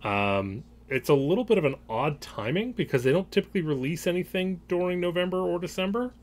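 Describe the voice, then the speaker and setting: A man's voice: sits high, animated, brisk. A man hosting a podcast in casual chat, rambling through his points and laughing often. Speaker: podcast host.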